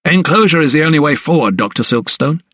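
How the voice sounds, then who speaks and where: A man's voice: a little high, expressive, fast talker, fairly bright tone, no echo, studio quality, voice pushed up. A man doing a blustering, roaring steward. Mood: indignant. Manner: roaring, indignant. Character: gruff, blustering male steward, quick to anger.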